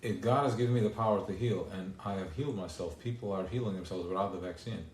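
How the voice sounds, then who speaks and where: A man giving an informal religious talk at a gathering, animated and full of rhetorical questions. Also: deep voice, quick pace. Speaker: speaker at a gathering. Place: gathering hall. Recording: echoey live room, faint noise.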